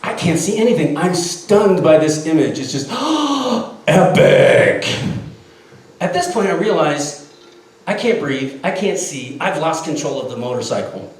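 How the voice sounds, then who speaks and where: Heard from afar in an echoey space with a little background noise, a man in his 50s animatedly tells a funny tall tale as part of a comic skit. He laughs a lot, and his slightly high voice runs at normal speed.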